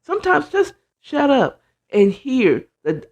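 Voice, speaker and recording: Lively woman giving casual life advice. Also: on the high side, takes it slowly. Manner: animated, swears, acts out quoted voices; says "child" and "you know what I'm saying". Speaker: host.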